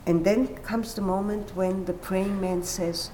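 Woman talking about literature, animated, acts out quotes, slow and unhurried, middle pitch. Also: slight background noise. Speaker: literature commentator. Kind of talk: conversational explanation.

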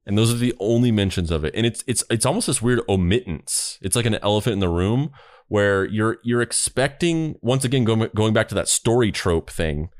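A man's voice: on the low side, lively intonation, fairly quick, dry recording, studio quality. A man co-hosting a podcast in a rambling, casual discussion with frequent restarts. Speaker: podcast co-host.

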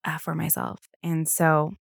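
A young woman hosts a solo podcast in a low, gravelly voice. She sounds tired and yawns now and then. She rambles on casually with lots of fillers and easy swearing. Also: monotone, unhurried, no room sound, clean studio sound. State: tired, yawning. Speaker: podcast host.

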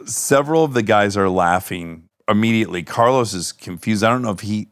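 Low-voiced man telling a story. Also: brisk, smooth, no room sound, clean studio sound. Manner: animated storyteller, swears freely. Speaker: podcast host. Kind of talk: casual chat.

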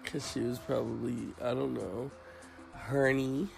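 Gravelly man rambling crudely. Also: mid-range voice, fairly even intonation, unhurried, over music, poor audio. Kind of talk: casual chat.

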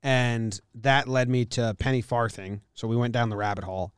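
A podcast host chats casually in a laid-back, rambling way, laughing often. His mid-range voice has fairly even intonation and a moderate pace, and the studio-mic recording is clean, echo-free and studio quality.

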